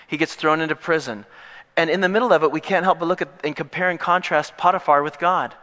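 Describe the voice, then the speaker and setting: A male pastor preaching an emphatic sermon, shifting easily between earnest points and playful jokes. His voice sits a little high and sounds bright and forceful. A long reverb trails each phrase, as in a large hall. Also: quick pace. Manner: animated, joking, emphatic.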